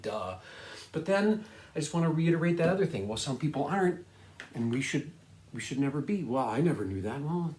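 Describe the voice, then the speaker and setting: A man's voice: medium pitch, darkish tone. A man teaching a science lesson in a casual, upbeat way, laughing often and checking that students follow along. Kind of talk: casual classroom video lesson. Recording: echoey room.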